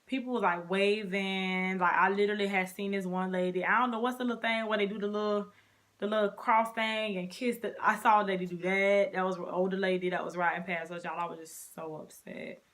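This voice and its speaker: A young woman vlogger telling her story in a casual, animated way, talking straight to her viewers. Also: mid-range voice, brisk.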